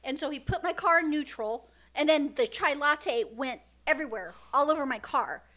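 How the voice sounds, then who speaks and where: A woman's voice: sits high, animated, moderate pace, a bit bright. A middle-aged woman, a mother and podcast co-host, telling a funny story in casual chat and often laughing.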